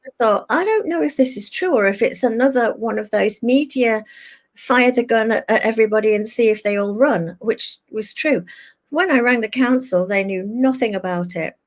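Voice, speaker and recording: A woman's voice: on the high side, normal speed. Older woman telling a candid story. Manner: animated, acts out her own past thoughts in quoted asides. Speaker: guest.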